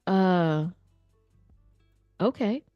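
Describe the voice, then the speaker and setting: Chatty woman streamer, low voice, dry sound. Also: expressive, drawn-out words, clean tone, dry recording, dull audio. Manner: chatty and playful, addresses viewers directly, slangy. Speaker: livestream host reviewing viewer artwork. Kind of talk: casual live-stream chat. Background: faint background music.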